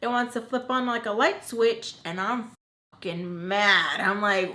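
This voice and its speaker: A young woman vlogger telling a personal story in casual chat, animated and full of filler words. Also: on the high side, unhurried. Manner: chatty, animated, lots of "like" fillers. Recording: roomy echo.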